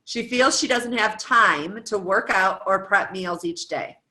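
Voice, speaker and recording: A woman in her thirties from the United States, guest-speaking to fitness coaches, walks casually through a worksheet with lots of "um" and "like" and long lists of questions. Her voice is medium-pitched, pushed and bright, a little slow, and the audio quality is poor.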